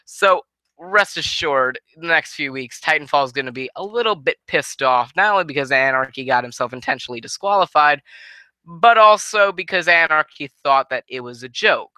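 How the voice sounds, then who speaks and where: A man's voice: on the high side, animated, normal speed, bright, forceful tone, clear, resonant tone, dry recording. A tired man giving a casual, rambling review of a wrestling show, swearing and restarting his sentences often.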